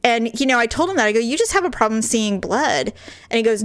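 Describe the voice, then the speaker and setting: A woman's voice: on the high side, lively intonation, fast talker, fairly bright tone, no echo. A woman in her forties co-hosting a podcast, telling a story in casual chat, acting out quoted voices and laughing often. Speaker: podcast co-host.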